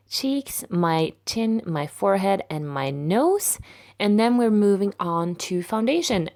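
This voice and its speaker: A woman with a raspy voice narrating a makeup tutorial in a relaxed, step-by-step way. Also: medium pitch. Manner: relaxed, step-by-step explaining with fillers.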